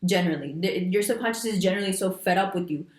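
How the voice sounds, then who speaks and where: A woman giving a monthly astrology reading, talking straight to her viewers in an animated, emphatic way with casual slang. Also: on the low side, quick pace, roomy sound. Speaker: astrology reader. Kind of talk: monthly horoscope reading to camera.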